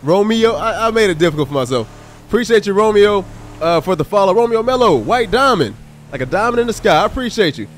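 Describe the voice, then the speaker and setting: A man's voice: high voice, animated, fast, slight background noise. A man livestreaming a police game, joking around and thanking viewers in the chat. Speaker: gaming livestreamer. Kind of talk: live game commentary and chat shout-outs.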